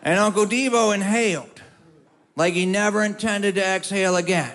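A man telling a funny story to an audience, with wry, drawn-out comic timing. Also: sits high, fairly bright tone, a little hiss or hum.

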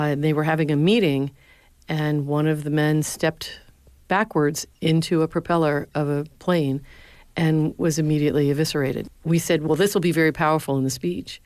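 A low-pitched middle-aged woman tells stories earnestly in an interview. She recorded in a dry, close setting. Her voice lifts when she quotes other people. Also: a little mellow, dry recording. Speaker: former speechwriter, university lecturer. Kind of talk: interview answers, storytelling.

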